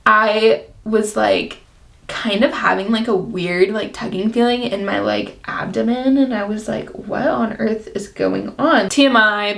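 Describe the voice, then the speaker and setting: A twenty-year-old beauty vlogger chats through a get-ready-with-me video, telling a personal story stuffed with "like" and acting out how she reacted back then. Her voice is a little high and creaky.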